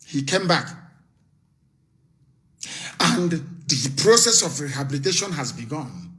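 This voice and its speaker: A man's voice: on the high side, animated, a little slow, long pauses, fairly bright tone. A man giving an impassioned live broadcast address as a political activist leader, hammering rhetorical questions and issuing stern warnings. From Nigeria.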